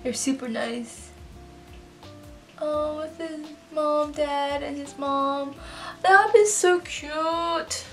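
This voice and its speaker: A woman chatting casually through an unboxing, gushing and excitable, swearing freely. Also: high-pitched, very slow, distant mic. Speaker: vlogger unboxing fan merch. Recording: voice a bit off-mic, soft music behind.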